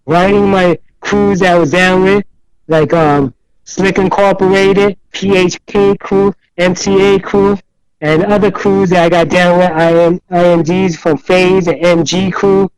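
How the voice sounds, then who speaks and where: High-voiced older New man telling stories. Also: a little slow, smooth, no echo, poor audio. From New York City. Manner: rambling, animated storyteller who acts out other voices in quotes. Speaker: interview guest. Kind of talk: storytelling in casual interview.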